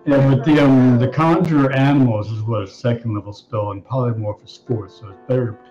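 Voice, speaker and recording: A man playing a tabletop game, thinking out loud and planning tactics in casual chat. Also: mid-range voice, steady tone, a little fast, highs cut off, faint music behind. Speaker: player.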